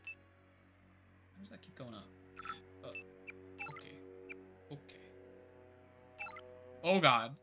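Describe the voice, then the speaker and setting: A man's voice: a little high, pushed and bright. A young man streaming a game live, rambling casually to himself and swearing when things go wrong. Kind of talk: casual live gameplay commentary.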